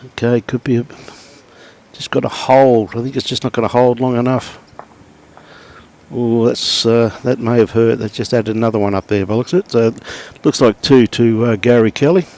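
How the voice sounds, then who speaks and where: Speaking at an ordinary pace in a mid-range voice, this middle-aged Australian commentates on lawn bowls live. He keeps it relaxed and chatty, welcoming viewers by name.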